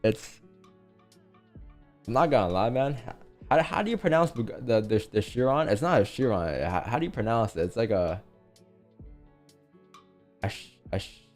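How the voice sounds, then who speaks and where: Low-voiced man coaching on a livestream. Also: big pitch swings, a little mellow, faint music behind. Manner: coaching with rapid rhetorical questions. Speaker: livestream trading host. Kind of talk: casual livestream commentary.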